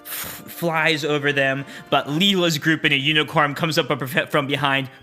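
A man narrating as game master of a tabletop game, upbeat and quick to laugh. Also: on the high side, fairly even intonation, sharp tone, faint music behind. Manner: upbeat, laughs often, with filler restarts.

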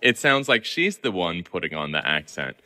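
A man talking as a guest film columnist in a casual interview, animated and chuckling as he speaks. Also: low voice, moderate pace, a little hiss or hum. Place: in Venice, remote.

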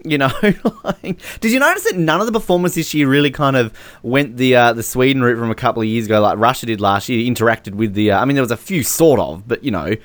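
In a dry recording, a male podcast host chats casually through song contest entries with an expressive, medium-pitched voice at a quick pace, frequently laughing and throwing out sarcasm.

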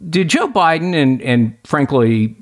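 A man hosting a political talk show, lively and indignant, laughing as he talks. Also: a little high, a little slow. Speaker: host.

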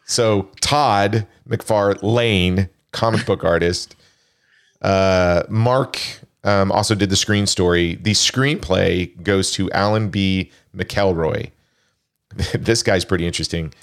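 On his relaxed film podcast, a man with a low voice and vocal fry reads out the crew credits at a slow pace, chatting along with frequent fillers.

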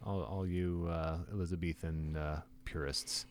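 Low-pitched dude cohosting a podcast, jokey wordy riffs. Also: male voice, steady tone, unhurried, slight background noise. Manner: wordplay-loving, mock-grandiose intros. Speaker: podcast co-host. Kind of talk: casual chat.

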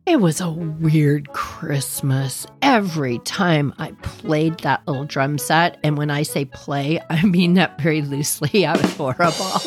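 A woman hosting a storytelling podcast, telling a personal story in an animated way and laughing along. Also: deep voice, a little slow, hardly any pauses, music in the background.

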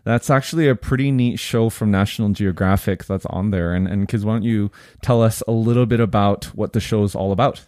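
A man co-hosting a casual family podcast, upbeat and laughing often as he gently prompts his kids. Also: fairly low pitch, fairly quick, few pauses, no room sound, clean studio sound. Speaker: podcast co-host and parent.

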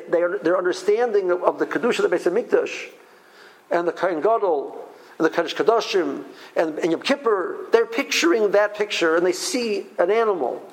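Middle-aged guy giving a torah class, kinda high voice, keeps stuttering and restarting, tells it with feeling. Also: poor audio. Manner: halting, repeats words and restarts often; emphatic storytelling, mixes Hebrew terms. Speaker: Torah teacher.

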